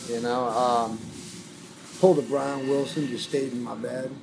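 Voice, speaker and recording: A man's voice: mid-range voice, fairly even intonation, unhurried, vocal fry, background noise. A man from New Orleans telling a long, rambling story in a casual interview. He swears freely and acts out the voices of people he quotes. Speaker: guest musician telling his story.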